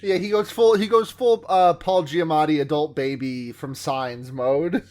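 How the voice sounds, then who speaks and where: A man's voice: on the high side, unhurried, a little mellow. A man chatting as a podcast guest about a movie, emphatic and amused, tripping over his restarts. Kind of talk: casual movie chat.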